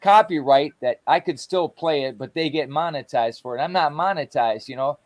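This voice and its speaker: A man chatting on a livestream, telling animated stories in a loose, slangy way. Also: a little high, moderate pace. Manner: animated storytelling, conversational slang. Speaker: guest on a livestream. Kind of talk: casual chat.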